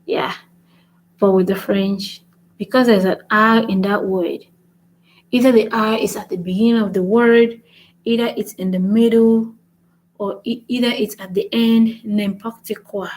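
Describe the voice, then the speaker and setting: A woman's voice: mid-range voice, steady tone, measured pace, a little mellow, poor audio. A woman hosting a casual live-streamed language lesson, chatty, repeating example words and often checking in with "right?". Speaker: language learning channel host.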